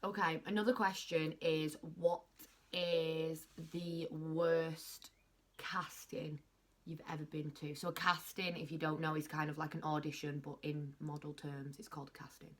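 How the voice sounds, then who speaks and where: A young woman with a somewhat low voice chats casually with her friend. She talks quickly in bursts and laughs along with the stories. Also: level tone. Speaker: friend asking questions. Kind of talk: casual chat.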